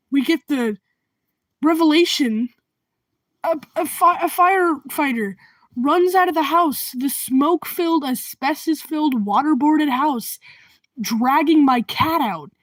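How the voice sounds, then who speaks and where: A young woman with a high voice rambles through a personal storytime, taking her time, laughing in asides and dropping to hushed remarks now and then. The sound is close and dry, with no room around her voice. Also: dry recording, poor audio. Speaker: vlogger. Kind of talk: storytime vlog.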